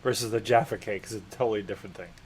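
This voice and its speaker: A man's voice: fairly low pitch, fairly even intonation, racing, crowd noise. A man hosting an interview, probing his guest with pointed follow-up questions. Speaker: host. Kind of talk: conversational interview.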